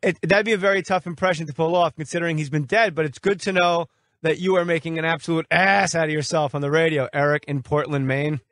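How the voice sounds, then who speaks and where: A man's voice: on the high side, steady tone, fast talker, fairly bright tone, dry recording. A man guest-hosting a sports talk radio show, brash and mocking as he fires insults back at a caller from the studio.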